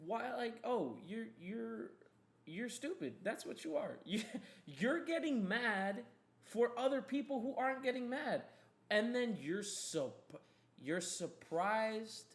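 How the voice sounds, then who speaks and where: Young podcast host, heated and profane, rambling rant, slightly high voice. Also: male voice.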